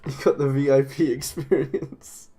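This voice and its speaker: A man's voice: mid-range voice, steady tone, a little slow, mellow, soft background music. An English man chatting casually on a live stream while making clay models. He rambles and laughs often. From England. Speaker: claymation streamer.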